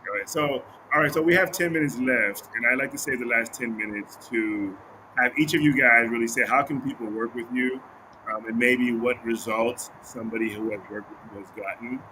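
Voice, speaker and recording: A man hosting a podcast, telling a story in an animated way with laughs and restarts. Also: medium pitch, brisk, background noise. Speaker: podcast host. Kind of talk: casual conversation.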